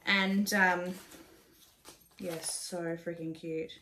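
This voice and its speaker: A woman's voice: on the low side, level tone, extremely slow, bright, forceful tone, a little hiss or hum. Aussie woman yarning about her knitting, casual and sweary, laughs at herself a lot. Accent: Australian. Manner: chatty, swears freely, self-deprecating, laughs often. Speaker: knitting podcast host. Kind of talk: casual chat.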